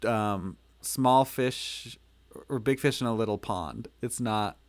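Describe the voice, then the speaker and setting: A man co-hosting a casual film podcast, relaxed and quick to laugh. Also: on the low side, no room sound. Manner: relaxed, laughs often, trails off. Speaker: podcast co-host.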